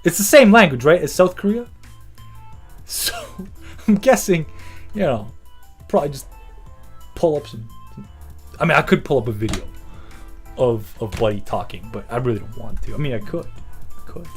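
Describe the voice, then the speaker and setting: A man's voice: mid-range voice, moderate pace, pauses often, soft background music. A man hosting a comedy podcast, riffing in a rambling, profane, swaggering way. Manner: profane, animated, swaggering storytelling. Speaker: podcast host.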